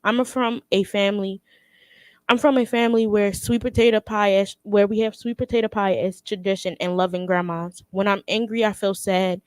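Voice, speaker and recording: A young woman reading her own spoken word poem in a casual, slightly halting way. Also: medium pitch, steady tone, a little mellow, clean tone, no echo. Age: young adult.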